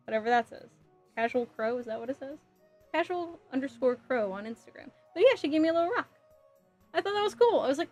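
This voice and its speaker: A woman in her thirties chats casually with livestream viewers while building a model kit, giggling often and reading chat aloud. Her voice is a little high, animated and slightly mellow, with a moderate pace and long pauses. Faint music plays behind her.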